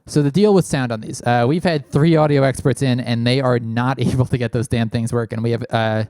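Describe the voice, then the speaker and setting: A man with a medium-pitched, dark voice hosts a casual call-in podcast, talking fairly quickly with fairly even intonation and rambling through lots of fillers. He speaks closely into a large studio mic in a small studio, and there's no echo.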